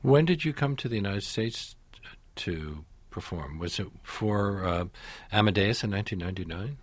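A man hosting an interview, asking measured, inquisitive questions. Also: lowish voice, animated, dry recording. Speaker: interviewer, radio host.

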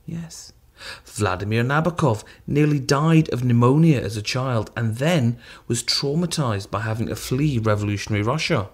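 A man's voice: medium pitch, animated, normal speed, few pauses. A man narrating a radio documentary in a scripted, dryly wry way.

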